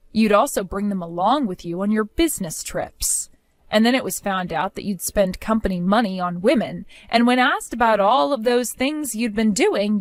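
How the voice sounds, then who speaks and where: A woman telling a scripted story in a cool, measured, matter-of-fact way. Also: mid-range voice, no echo. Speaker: narrator.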